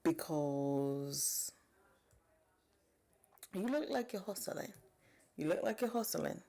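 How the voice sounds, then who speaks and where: A woman in her forties giving animated, chatty reaction commentary and talking straight to her viewers. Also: medium pitch, moderate pace, creaky, husky.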